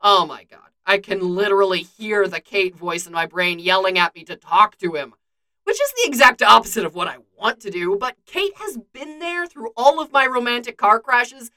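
Lady doing a cocky jokey archer dude, bright, lively voice, rambles and teases. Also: medium pitch, moderate pace. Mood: rambling. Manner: teasing, self-mocking. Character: wisecracking young adult male archer.

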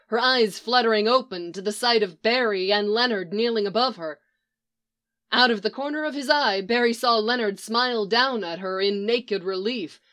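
A woman narrating a piece of fiction in a steady storytelling read. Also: medium pitch. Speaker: reader.

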